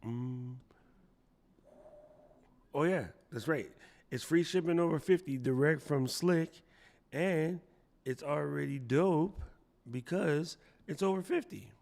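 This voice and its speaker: Speaking slowly with frequent pauses, a man with a higher-side, gravelly, slightly mellow voice hosts a casual live stream. He jokes around, chats, reads the chat aloud to answer viewers, and does funny voices.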